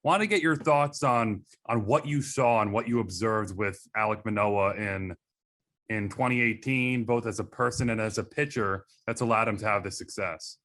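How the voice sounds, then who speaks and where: A man's voice: on the low side, moderate pace, a bit bright. A man hosting a sports interview, asking polite, prepared questions. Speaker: interview host.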